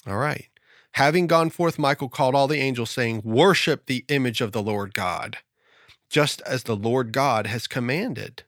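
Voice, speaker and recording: A man's voice: mid-range voice, normal speed, fairly bright tone, dry recording, clean studio sound. Man reading scripture aloud on a podcast. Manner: reads passages aloud, joking asides. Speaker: Bible study podcast co-host. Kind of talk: reading scripture and casual discussion.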